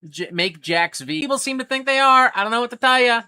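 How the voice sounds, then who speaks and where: A man's voice: extremely high pitch, lively intonation, brisk, bright, forceful tone, clean tone. A man hosting a casual livestream, ranting animatedly with lots of swearing. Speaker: livestream host.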